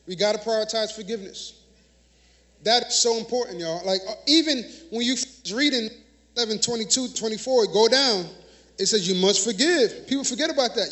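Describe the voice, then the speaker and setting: A minister preaches in a church sanctuary, his voice sitting high and a bit bright. His sermon is conversational, full of "y'all" and "right?", and he laughs often. He leads call-and-response, asking the congregation to repeat words back to him.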